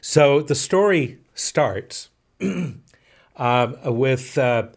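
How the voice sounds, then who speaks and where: A man co-hosting a casual podcast, spinning a folksy anecdote and then musing on its lesson. His voice sits at a plain middle pitch. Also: expressive, very slow. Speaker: podcast co-host. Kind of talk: storytelling in a casual podcast chat.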